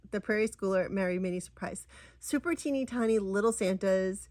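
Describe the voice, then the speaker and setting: A woman's voice: mid-range voice, brisk, darkish tone, no room sound. A middle-aged woman chatting through a cross-stitch vlog, rambling and gushing, with many ums and restarts. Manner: gushing over crafts. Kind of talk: casual chatty show-and-tell.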